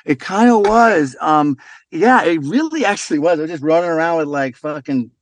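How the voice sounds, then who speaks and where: Chatting casually as a podcast guest, a middle-aged man with a fairly high voice tells loose stories full of profanity. He speaks at normal speed, with no echo in the recording, and comes across as an animated storyteller who curses without restraint.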